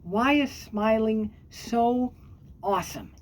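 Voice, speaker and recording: Rambling, earnest woman vlogger. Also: slow pace. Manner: rambling and earnest, many fillers and restarts, bursts of squeaky excitement. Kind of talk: casual chat to camera. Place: at home on a squeaky chair.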